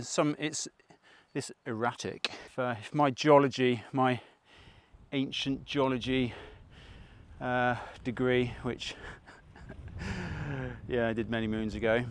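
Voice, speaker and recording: Rambling, chatty man outdoors. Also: mid-range voice. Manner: rambling, chatty, self-deprecating. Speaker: fell runner vlogger. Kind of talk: casual outdoor vlog narration. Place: outdoors on open fells.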